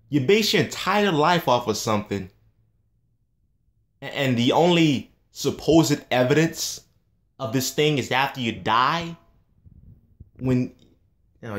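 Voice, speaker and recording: A man in a casual monologue, ranting in a heated, scornful and profane way. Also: mid-range voice.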